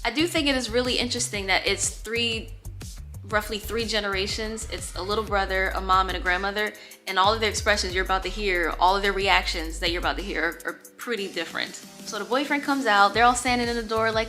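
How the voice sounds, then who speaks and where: A young woman telling a dating story in a casual, animated way, acting out the quotes and swearing freely. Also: mid-range voice, fairly quick, soft background music. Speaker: storytime vlogger.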